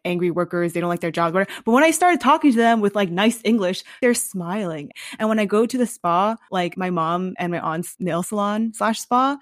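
A woman's voice: mid-range voice, no room sound, studio quality. A young American woman co-hosting a podcast, frankly telling stories about her family. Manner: rapid storytelling, frank. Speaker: podcast co-host. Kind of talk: casual chat.

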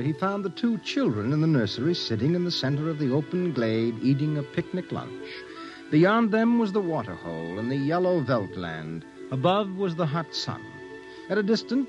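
A man narrates an old radio drama, telling the story dramatically with a sweeping, lively delivery. The sound is dull and lo-fi, and music plays clearly behind him. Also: medium pitch.

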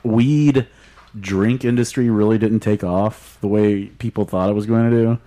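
A man's voice: lowish voice, steady tone, measured pace, warm tone. A man co-hosting a podcast, talking in a rambling, laid-back way with many fillers. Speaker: podcast co-host. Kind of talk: casual podcast chat.

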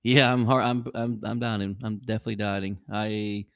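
A middle-aged man hosting a podcast, telling a casual story and jumping his voice up high when he acts out what people said. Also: fairly quick, smooth, no echo, clean studio sound. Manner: animated, jumps high when acting out quotes. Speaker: podcast host.

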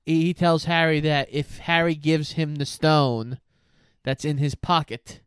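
A woman's voice: deep voice, fairly even intonation, measured pace, clear, resonant tone, no room sound, clean studio sound. A woman co-hosting a casual movie recap who chimes in with plot details and jokes.

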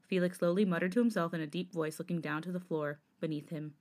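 A woman co-hosting a podcast, reading fanfiction aloud in a steady narrating manner. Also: fairly low pitch, quick pace, few pauses. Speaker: podcast co-host.

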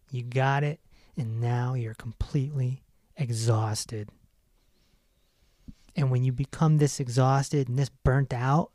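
A male podcast host at a middling pitch, talking emphatically and with energy, often laughing at his own stories. The recording is dry, with no room sound. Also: warm tone, dry recording. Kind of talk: casual self-help monologue.

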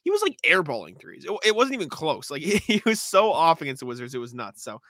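Man, sports podcast co-host, laughs a lot, restarts, higher voice, dry close sound. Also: huge pitch swings, fast talker, sharp tone, no echo. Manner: laughs easily, thinks on the spot with restarts. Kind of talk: casual sports podcast chat. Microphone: remote call, muted at times.

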